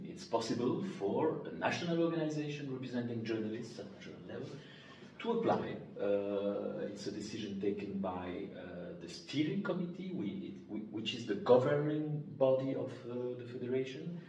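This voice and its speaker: A man's voice: lowish voice, dark tone. A man answering questions as secretary general of a journalists' federation, in casual panel talk with many fillers and restarts. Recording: echoey room from far off, faint noise.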